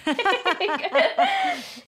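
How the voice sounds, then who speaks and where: A woman in her thirties, a podcast guest, telling a personal story with lively acted-out dialogue and frequent laughter. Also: very high voice, extremely slow. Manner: animated storyteller, acts out quoted dialogue, laughs often.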